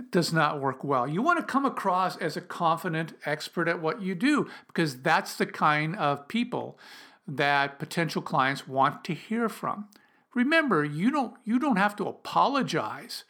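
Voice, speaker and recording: A man explains cold calling in a relaxed spoken lesson, talking in a conversational, emphatic way and often starting a phrase over. His voice sits a little high and sounds bright and forceful. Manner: conversational, emphatic, with frequent restarts. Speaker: copywriting instructor. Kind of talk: spoken lesson with role-played calls.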